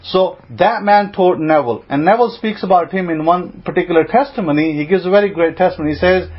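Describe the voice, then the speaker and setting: Animated storytelling rabbi, high-set voice. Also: male voice, quick pace, husky. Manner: animated retelling with voiced quotes, laughs now and then. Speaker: rabbi teaching a congregation. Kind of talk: storytelling sermon. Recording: dull lo-fi sound with faint noise.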